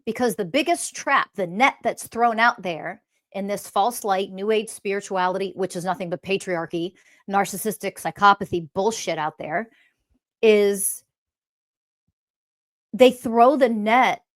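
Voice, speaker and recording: A woman's voice: medium pitch, a little slow. A woman speaking as a spiritual teacher in a blunt, scolding monologue, swearing often. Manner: mocks others in quoted voices.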